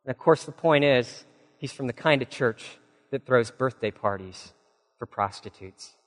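A man preaching a sermon, telling a story with lively acted-out voices, dropping low and quiet for solemn points. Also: unhurried. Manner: animated storyteller, acts out quoted voices, drops low and soft for solemn points. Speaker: pastor. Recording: long hall reverb.

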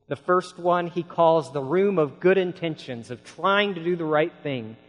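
Male pastor, slightly high voice, dramatic storyteller in a sermon, echo of a big hall. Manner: dramatic storytelling, swinging from hushed to shouting. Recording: long hall reverb.

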